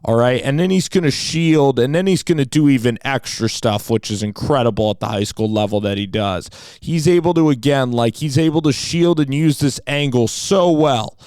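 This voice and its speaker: A man's voice: mid-range voice, normal speed, a little mellow, clean tone, no echo. An enthusiastic man giving a casual football film breakdown, with frequent "like" and "you know" fillers.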